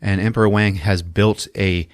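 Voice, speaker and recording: Low-voiced man chuckling through a movie recap. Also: steady tone, moderate pace, dry recording, clean studio sound. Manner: amused, chuckling storyteller. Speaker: podcast host recapping a movie. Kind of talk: casual comic movie recap.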